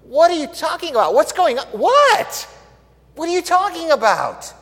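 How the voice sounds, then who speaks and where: A man voicing a shocked and furious king who shouts demands at the people around him. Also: very high voice, very animated, moderate pace, long reverb tail, pitched above the performer's own voice, heavily acted. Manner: shouting, outraged.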